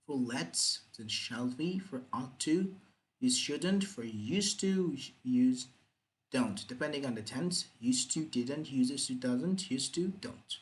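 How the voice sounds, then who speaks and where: A man's voice: mid-range voice, lively intonation, takes it slowly, poor audio. A man teaching English grammar, repeating example sentences with exaggerated rising and falling intonation. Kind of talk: grammar lesson.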